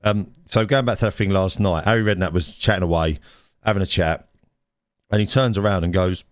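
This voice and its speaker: Low-pitched and brisk, a man co-hosts a casual podcast recorded live indoors. The clean studio sound has no room tone, and he rambles and restarts as he tells stories, repeating words and chuckling at his own anecdotes.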